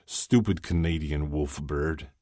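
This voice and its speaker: A man's voice: a bass voice, slow, dark tone, no room sound. A man doing Ilya, a dry, sardonic hockey player. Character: young male Russian hockey player, wry and guarded.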